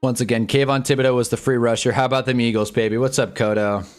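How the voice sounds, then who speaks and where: A young man talking over a live football broadcast for his stream, complaining and reacting play by play. His voice sits at an ordinary middle pitch. Faint music plays behind him. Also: steady tone. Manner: frustrated, ranting, quick reactions. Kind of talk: live sports watch-along commentary.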